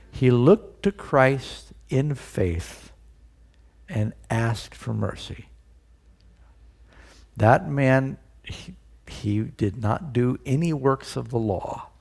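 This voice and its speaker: A man's voice: mid-range voice, vocal fry, a little mellow. A male pastor preaching a sermon, putting rhetorical questions to his listeners and stressing key words.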